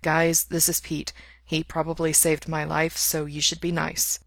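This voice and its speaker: A sick young man, worn out and dryly wry, speaking low and quiet, as a woman reads him. Close, dry recording. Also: completely flat delivery, unhurried, gravelly, no room sound, full character voice. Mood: tired. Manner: quiet, subdued.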